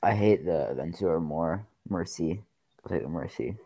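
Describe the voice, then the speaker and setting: A young man in casual podcast chat, opinionated and quick to argue back. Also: low-pitched, expressive, gravelly, dark tone, breathy edge, no echo.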